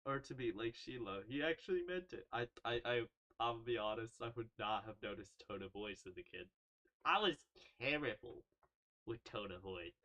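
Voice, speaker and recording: A man's voice: mid-range voice, lively intonation, moderate pace, pushed and bright, muffled recording. A young man casually commenting while playing a visual novel, goofy, rambling and self-mocking, swearing and laughing often. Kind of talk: casual let's-play commentary.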